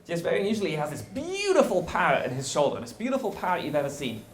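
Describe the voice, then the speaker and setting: A man speaking as a guest rabbi, giving a conversational lecture and explaining things in a lively way with wry jokes. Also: on the high side, quick pace, reverberant, slight background noise.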